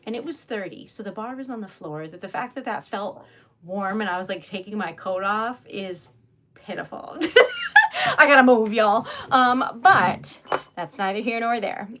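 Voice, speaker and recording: A woman's voice: mid-range voice, a bit bright, slight background noise. A young adult woman chatting casually on a craft livestream, giggly and talkative, often saying "y'all".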